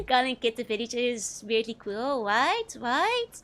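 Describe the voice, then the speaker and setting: A woman doing casual let's-play commentary, laughing often between remarks. Her voice is high and very animated, though she speaks at an unhurried pace. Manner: giggly, laughs often, chatty. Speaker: streamer.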